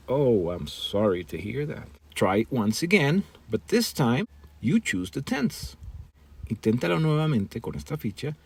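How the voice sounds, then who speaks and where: A man's voice: medium pitch, darkish tone, slightly rough. A man teaching English in a bilingual lesson, reading example dialogues and translating them into Spanish.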